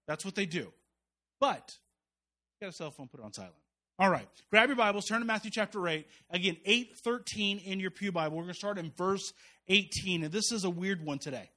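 A man, a pastor, preaching a sermon to a small church in a relaxed, joking, conversational way, leading the room in call-and-response. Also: sits high.

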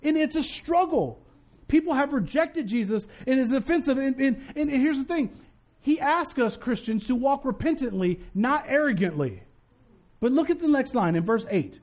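A male pastor preaching a sermon with fervent, emphatic delivery. His voice is unusually high for a man, and he leans on dramatic slowdowns to drive his points home. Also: lively intonation, darkish tone.

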